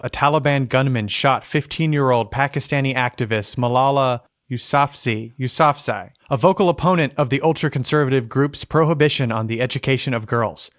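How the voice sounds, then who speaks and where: A man's voice: mid-range voice, a bit bright, dry recording. Male podcast host, jokey headline reader, dry close sound. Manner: jokey, reads out history headlines. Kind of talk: casual chat.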